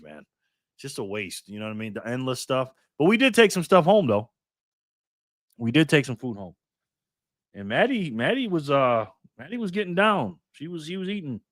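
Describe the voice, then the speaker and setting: A man's voice: a little high, fairly bright tone, no echo, studio quality. A man hosting a casual livestream, greeting viewers by name and calling them "man" and "bro". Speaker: livestream host. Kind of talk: casual livestream chat reading viewer comments.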